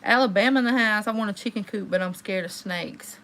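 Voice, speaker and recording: Bright, chatty woman on a livestream. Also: brisk, few pauses. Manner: chatty, storytelling, swings into high exclamations. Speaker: livestream host. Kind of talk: casual livestream chat with viewers.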